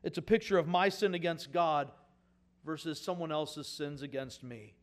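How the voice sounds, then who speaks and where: A male pastor with a slightly high voice delivers a sermon in a relaxed, folksy way. He talks straight to the congregation with casual asides. He builds up to louder, emphatic points and then drops back to quiet remarks. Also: moderate pace.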